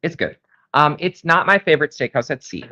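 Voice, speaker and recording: A man co-hosting a casual live stream, hoarse, enthusiastic and rambling with many fillers. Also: fairly high pitch, lively intonation, brisk, sharp tone. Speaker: co-host.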